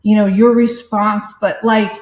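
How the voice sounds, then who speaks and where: A woman's voice: medium pitch, level tone, unhurried. A woman guest on a podcast, speaking reflectively with frequent hesitations. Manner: reflective, hesitant, many fillers. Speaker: guest, sports parenting website founder. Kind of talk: casual conversational interview. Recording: echoey room.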